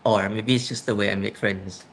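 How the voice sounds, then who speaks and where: A man's voice: fairly low pitch, fairly even intonation, normal speed, gravelly, slight background noise, low-quality recording. A young man in a casual student discussion. He thinks aloud and checks in with others by asking "right?". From Thailand. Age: young adult.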